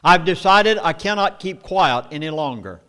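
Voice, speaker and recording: A man with a Southern US accent lecturing an audience, emphatic and storytelling, with dramatic pauses. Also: on the high side, expressive, pushed and bright. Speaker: speaker at a meeting. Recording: long hall reverb.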